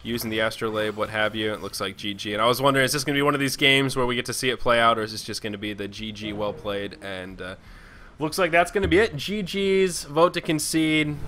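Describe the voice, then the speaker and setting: A man's voice: mid-range voice, fast, bright, forceful tone, a little hiss or hum. A man casting an online game match, joking and chatty between calls of the action. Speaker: esports caster. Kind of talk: play-by-play game commentary.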